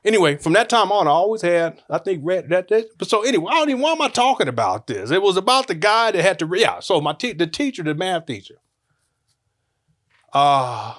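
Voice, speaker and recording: A man in his forties with a voice a little higher than most men. He talks frankly and jokes as he goes, rambling and breaking off into restarts. It sounds like a relaxed, off-the-cuff storytelling monologue. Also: a little fast.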